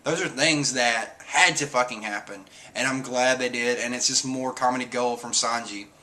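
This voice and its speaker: A man streaming casual talk, animated, cursing now and then. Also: mid-range voice, moderate pace. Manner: animated, swears, acts out quotes. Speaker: streamer reviewing a comic chapter. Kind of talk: casual chat.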